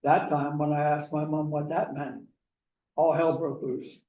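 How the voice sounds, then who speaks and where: A man from Pennsylvania giving a talk, telling a personal story slowly and deliberately. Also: on the high side, level tone, dark tone, highs cut off. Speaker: guest speaker. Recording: echoey room, mic far off, faint hiss.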